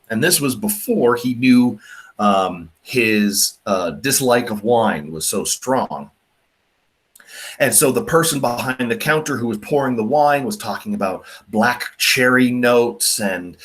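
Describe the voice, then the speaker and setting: A young male teacher lecturing in a loose, joking way. His pitch leaps around as he mocks ideas, and he stumbles through fillers and restarts. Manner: animated, mocking, lots of fillers. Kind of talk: classroom lecture.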